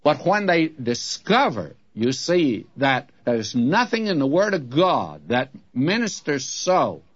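Preacher, male, husky voice, animated delivery, dull lo-fi old recording. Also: mid-range voice. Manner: earnest, folksy direct address to listeners. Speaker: Bible teacher. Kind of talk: radio Bible teaching.

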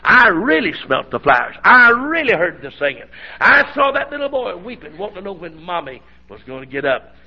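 A man's voice: high voice, sing-song, brisk, creaky, husky. A middle-aged man with a sore throat, preaching a folksy storytelling sermon that swells into hollering. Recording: dull lo-fi recording.

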